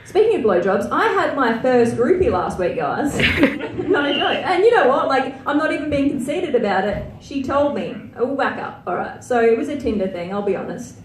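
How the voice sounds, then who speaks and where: A woman's voice: high voice, animated, moderate pace, hardly any pauses, recorded from a distance, a little hiss or hum. A young Australian woman performing a stand-up set, crude and self-mocking, chatty with lots of filler words. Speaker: stand-up comedian. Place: comedy venue stage. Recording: roomy live venue sound from afar.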